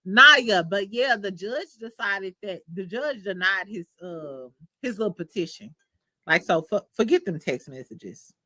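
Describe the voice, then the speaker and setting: A young adult woman hosting a casual livestream chat, telling stories in a candid, profane, animated way. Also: medium pitch, unhurried, dry recording. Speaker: livestream host.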